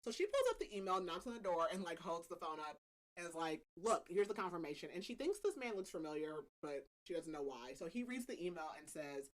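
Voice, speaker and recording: A woman's voice: on the low side, very animated, a little fast. A woman hosting a podcast, casually recapping a book's plot with a chatty, laughing manner and lots of filler words. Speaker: podcast host. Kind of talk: casual book recap chat.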